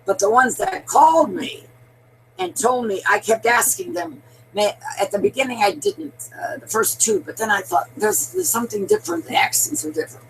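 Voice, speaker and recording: A woman's voice: fairly high pitch, big pitch swings, normal speed, creaky, a little hiss or hum, rough recording. An older woman giving a rambling, emphatic political monologue, addressing listeners as her darlings. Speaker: political commentator.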